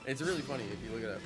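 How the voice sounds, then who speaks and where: A man chatting casually and joking with his viewers while he plays a video game live, rambling from one silly aside to the next. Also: mid-range voice. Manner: joking, rambling, chuckles at own jokes. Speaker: streamer. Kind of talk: casual live-stream chat while gaming. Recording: game music behind the voice.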